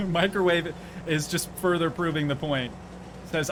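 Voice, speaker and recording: A man's voice: on the high side, measured pace, background noise. A man streaming a game live, chatting casually, joking and answering his chat as he plays.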